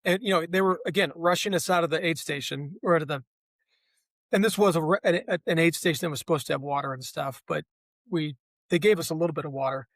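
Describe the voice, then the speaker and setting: A man's voice: fairly high pitch, quick pace, a bit bright, no echo. A man, a guest on a podcast, telling his race story in a reflective, casual way.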